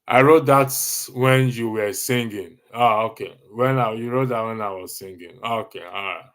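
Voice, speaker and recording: A man's voice: mid-range voice, moderate pace, fairly bright tone. A Nigerian man hosting a casual live stream, reading viewer comments with a jokey, teasing manner and frequent laughter.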